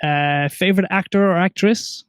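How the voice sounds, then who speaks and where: A man's voice: sits high, normal speed, clean tone, no echo, clean studio sound. A man, hosting a casual interview podcast and telling stories with lots of restarts. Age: 30s. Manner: chatty storyteller with many restarts. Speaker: podcast host.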